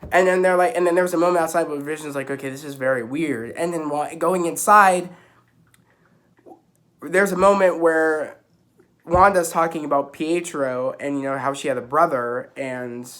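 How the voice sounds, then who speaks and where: A man's voice: on the high side, normal speed. Rambling young man recapping an episode. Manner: rambling, excited, many restarts and fillers. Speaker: YouTuber reviewing a TV episode. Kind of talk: casual spoiler recap to camera. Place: at home with kittens around.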